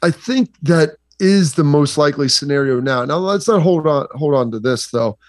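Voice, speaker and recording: A man's voice: fairly high pitch, lively intonation, normal speed, dry recording, studio quality. A man from Southeastern Ohio, a sports analyst guest, rambling casually with lots of fillers. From Southeastern Ohio, USA.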